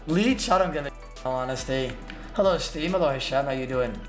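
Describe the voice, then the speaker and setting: A man's voice: medium pitch, fairly quick, reverberant, faint music behind. A man streaming a game live, boisterous and laughing, trash-talking and greeting his chat.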